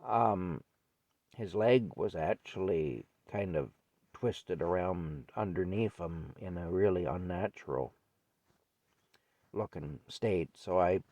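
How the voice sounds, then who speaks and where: A man's voice: deep voice, slow, a little mellow, no echo, highs cut off. An older man telling a childhood story in a rambling, folksy way. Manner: rambling, folksy, repeats himself. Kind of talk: casual spoken memoir.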